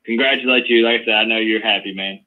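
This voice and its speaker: A man's voice: fairly low pitch, fairly even intonation, quick pace. A man calling in to a show, speaking in a friendly, plain way with a few fillers. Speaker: caller. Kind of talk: casual call-in chat. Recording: muffled phone line.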